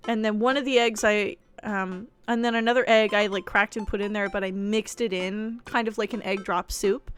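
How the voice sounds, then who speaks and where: A woman's voice: mid-range voice, steady tone, moderate pace, few pauses, fairly bright tone. A young woman streamer chatting casually, rambling and laughing easily while she plays a game. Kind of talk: casual chat and reading a game aloud.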